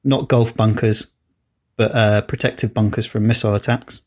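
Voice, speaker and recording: In a casual podcast chat, a man co-hosting talks at normal speed with a lowish, slightly mellow voice and fairly even intonation. He wanders, hesitates, and restarts often, using plenty of fillers.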